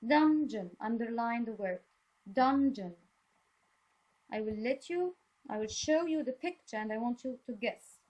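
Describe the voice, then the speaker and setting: Slow patient teacher lady, higher voice, keeps saying very good and explaining words. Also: expressive, darkish tone. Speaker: English teacher. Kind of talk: reading a story aloud for a class.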